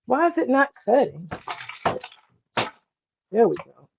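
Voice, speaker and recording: Chatty woman with a slightly high voice. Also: very animated, slow, creaky, lo-fi sound, background noise. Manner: candid and chatty, swears freely, talks to the chat. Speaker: host. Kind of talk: casual live stream storytelling.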